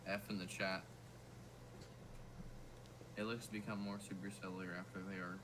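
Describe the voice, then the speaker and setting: A young man with a Southern US accent, chatting casually while hosting a weather livestream, tripping over his words when excited. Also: low-pitched, normal speed, pauses often, background noise. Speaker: weather stream host.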